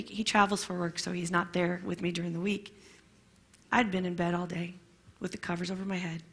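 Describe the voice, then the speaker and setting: A middle-aged woman telling her personal story to a class in a candid, emotional, halting way. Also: on the low side, level tone, fairly bright tone, breathy edge. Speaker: bereaved mother sharing her story.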